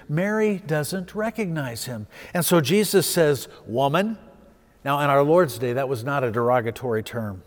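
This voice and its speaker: Male pastor, storytelling sermon, slightly high voice, long hall reverb. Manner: storytelling preacher, swelling with emphasis then dropping soft.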